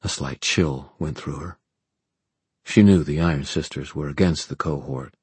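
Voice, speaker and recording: A man narrating an audiobook with steady storytelling. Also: very deep voice, normal speed, breathy edge, no echo.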